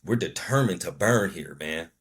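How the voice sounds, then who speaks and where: A man's voice: deep voice, expressive, moderate pace, slight background noise. A man hosting a podcast, delivering fervent, preachy solo commentary that repeats key words for emphasis and slips into swearing. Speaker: podcast host.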